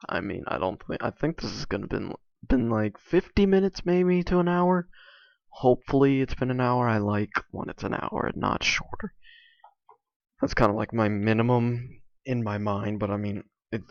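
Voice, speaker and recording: A young man chatting casually while playing a game, halting and full of fillers and restarts. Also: mid-range voice, creaky, dry recording. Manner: halting, filler-heavy, many restarts and likes. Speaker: video creator. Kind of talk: casual rambling commentary over gameplay. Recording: dull lo-fi mic, dry.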